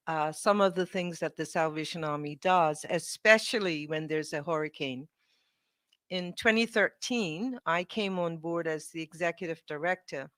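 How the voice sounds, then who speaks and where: A woman's voice: lowish voice, a bit bright, no echo, clean studio sound. A woman with a Bermudian accent, a charity's executive director, speaking off the cuff at a press conference. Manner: unscripted, fillers and restarts.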